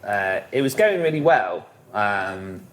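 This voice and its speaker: A man's voice: fairly low pitch, sing-song, slow, fairly bright tone. A man, a musician guest telling rambling stories in a casual interview, full of fillers and swearing.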